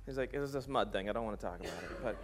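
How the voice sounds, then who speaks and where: A pastor preaches a sermon in a fairly low, expressive voice at a very fast pace, with background noise present. He tells the story jokily, acting out the characters' lines and laughing at his own jokes.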